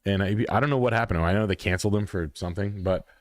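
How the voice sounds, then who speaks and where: Low-voiced guy ranting on his stream, swears a lot, pushy, dead dry audio. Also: very fast, no room sound. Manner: blunt, profane, emphatic. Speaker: livestream host. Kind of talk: casual livestream rant.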